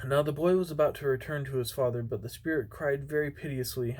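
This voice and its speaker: A man's voice: mid-range voice, fast talker, a little mellow, poor audio. A man reading a fairy tale, stumbling. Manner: unpolished, with stumbles and restarts. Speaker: amateur reader.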